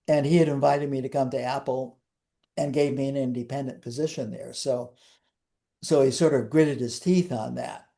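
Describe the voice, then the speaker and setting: A man's voice: mid-range voice, mellow. An older man, a guest in an interview, telling wry, rambling anecdotes with frequent restarts.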